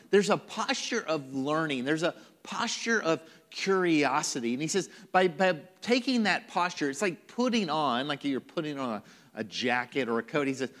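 Pastor preaching in an echoing church. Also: male voice, on the high side, expressive, moderate pace, fairly bright tone. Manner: conversational preaching with sudden whispered emphasis. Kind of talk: sermon.

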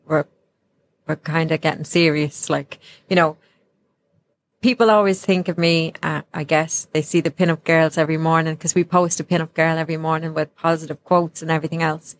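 A woman with an Irish accent, a charity founder talking earnestly as a podcast guest and laughing easily. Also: sits low. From Ireland. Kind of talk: casual podcast conversation.

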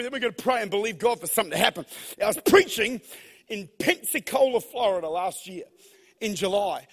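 A man preaching a sermon in a large church hall, telling stories in a lively, animated way that swings from hushed to shouting. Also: high voice, fairly quick, slightly rough. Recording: long hall reverb.

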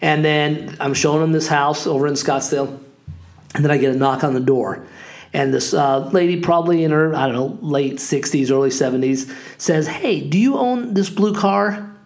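A man's voice: a little high, steady tone, moderate pace. A man in his forties, a real estate agent hosting a podcast, talking in a casual, upbeat and rambling way with lots of fillers. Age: 40s. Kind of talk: casual monologue.

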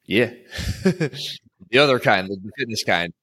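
A man's voice: lowish voice, lively intonation, a little slow, fairly bright tone, husky. A man coaching and interviewing an athlete in a casual chat, rambling and restarting his sentences often.

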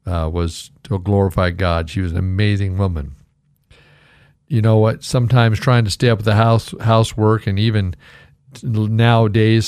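A middle-aged male pastor giving an earnest radio devotional, telling stories and slowly reciting scripture. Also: fairly low pitch, vocal fry, no echo, studio quality. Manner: earnest, warm storytelling with slow scripture recitation.

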